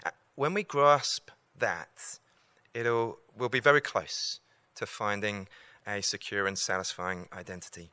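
A man's voice: fairly low pitch, unhurried, bright, forceful tone, smooth, no room sound. A man giving an evangelistic talk to students, earnest and repeating key lines for emphasis. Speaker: campus preacher.

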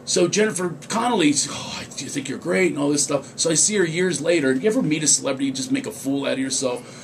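A man's voice: a little high, fast talker, vocal fry, a little hiss or hum. A male comedian telling funny stories in casual radio chat, acting out quotes in raised voices. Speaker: comedian guest.

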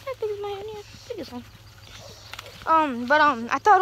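A high-voiced young woman chats on through a rambling vlog, a little out of breath. She holds the phone in one hand outdoors in a cornfield. Plenty of outdoor noise runs under her voice. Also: lively intonation, brisk, long pauses, a bit bright. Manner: chatty, rambling, talks to viewers. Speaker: vlogger. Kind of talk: casual vlog. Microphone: phone held in one hand. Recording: noisy outdoor phone recording.

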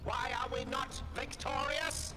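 A man's voice: extremely high pitch, fairly even intonation, measured pace, sharp tone, faint music behind, full character voice. An actor voicing a harsh, arrogant male Dalek war machine with a metallic, robot-modulated voice. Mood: domineering. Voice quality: grating, metallic. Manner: proclaiming, domineering. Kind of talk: TV drama clip.

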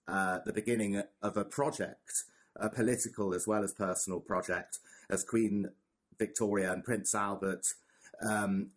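Husky man chatting about history. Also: deep voice. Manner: thoughtful, many fillers and restarts. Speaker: podcast co-host. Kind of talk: casual history chat.

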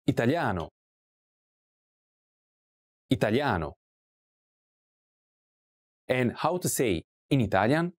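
A woman giving a scripted language lesson, asking slow drill prompts and repeating each word clearly. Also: rumbling low, sing-song. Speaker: language teacher.

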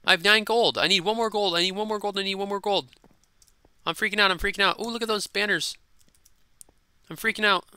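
A high, very bright and smooth man's voice chatters excitedly over gameplay. He is a silly gaming host who repeats his lines, recorded dry and close on a desk mic. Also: a little fast, long pauses, no echo. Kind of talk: casual gameplay commentary.

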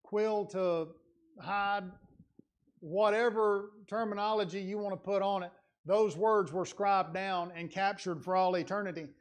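A man with a notably high voice preaches in a church sanctuary, speaking. His delivery is earnest and conversational, swinging between quiet, confiding asides and loud, emphatic passages. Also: steady tone, a little slow. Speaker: lay preacher. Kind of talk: sermon.

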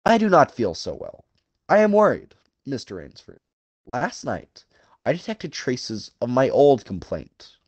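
A man's voice: medium pitch, wildly swooping pitch, darkish tone, no room sound, muffled recording, voice pushed up. A man voicing a suave aristocratic male hunter general, cruel and genteel, with a courtly, purring, theatrical delivery, drawing out his phrases. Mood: languid. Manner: drawn-out, relishing phrasing raised above the narrator's voice. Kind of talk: audiobook character voice.

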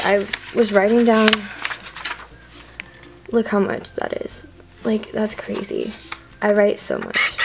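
A teenage vlogger gives a casual tour of her bedroom in a mid-range, creaky voice, slightly out of breath. She's chatty and rambling, with lots of ums, and there's noticeable background noise.

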